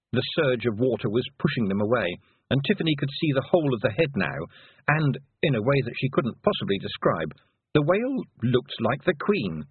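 A man narrating an audiobook with expressive, dramatic storytelling, on a thin phone-like recording. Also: mid-range voice, normal speed, slightly rough, no room sound. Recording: phone-like thin band, dry.

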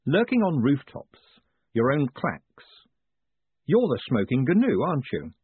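A wary, sharp-witted rogue, as a male narrator voices him in a storybook reading, asking pointed questions in a very husky, lively voice. The sound is thin and phone-like, with a dry, close feel. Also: mid-range voice, unhurried, no echo, voice pushed up, heavily acted. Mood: suspicious. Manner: guarded, questioning. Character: wary, sharp-witted man cornered on a rooftop.

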